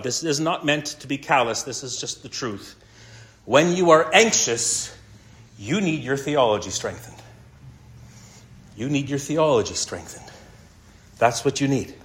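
A man preaching a sermon earnestly, slowing down and repeating key lines for emphasis. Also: fairly high pitch, a bit bright. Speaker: pastor.

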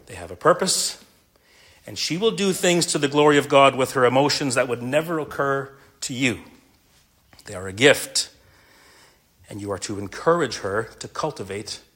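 A man's voice: mid-range voice, fairly bright tone, husky. Man preaching to husbands. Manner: earnest storytelling with laughs. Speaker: pastor. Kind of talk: sermon.

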